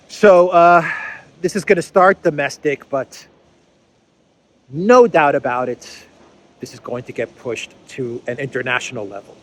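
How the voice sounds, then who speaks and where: A middle-aged man giving casual solo news commentary, chatty and halting, with many fillers and restarts. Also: fairly high pitch.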